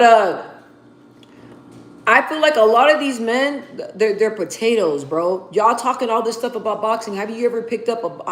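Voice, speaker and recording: A woman's voice: medium pitch, echoey room, low-quality recording. A woman chatting casually on a livestream, answering her chat, rambling in slang and repeating words as she thinks.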